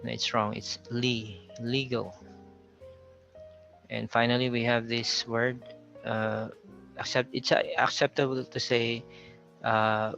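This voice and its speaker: A Filipino man gives a careful pronunciation lesson in a slow, flat delivery, repeating each word to contrast how it sounds. His voice is bright and gravelly. The recording is a little dull, with soft music underneath. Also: mid-range voice. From Philippines. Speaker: teacher.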